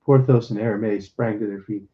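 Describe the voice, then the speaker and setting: A man reading a classic adventure novel aloud as narrator, in a plain, even storytelling manner. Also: lowish voice, a little fast, phone-quality sound.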